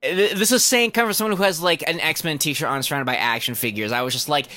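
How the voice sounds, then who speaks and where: A man's voice: on the high side, quick pace, few pauses, bright, forceful tone. A young man co-hosting a podcast, talking casually and animatedly, joking and swearing. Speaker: podcast co-host. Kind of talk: casual chat.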